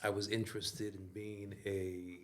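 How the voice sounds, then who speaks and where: A man in his forties from Chicago, a podcast guest and theater maker, talking in a relaxed, reflective way with many "you know"s. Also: on the low side, a little slow. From Chicago, USA. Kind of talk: casual interview chat.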